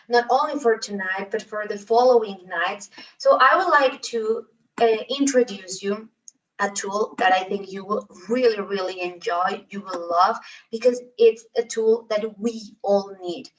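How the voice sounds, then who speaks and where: Mexican-accented woman in her twenties, upbeat presenter, caught in a roomy, muffled recording. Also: medium pitch. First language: Spanish. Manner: enthusiastic, repeats "very excited". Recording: roomy, distant, dull sound.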